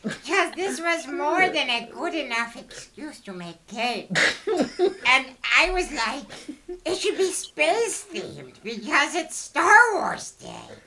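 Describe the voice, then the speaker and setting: A man voicing a goofy, excitable male dog, reading out a fan question in character with a dopey, drawn-out delivery. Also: extremely high pitch, exaggerated voice.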